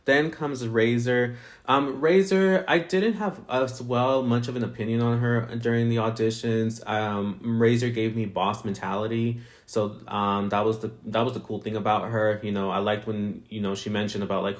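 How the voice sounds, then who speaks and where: A man's voice: fairly low pitch, fairly even intonation, moderate pace. A man giving a casual, rambling reality TV review, full of "um" and "like" as he talks to his viewers. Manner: rambling, filler-heavy, chatty.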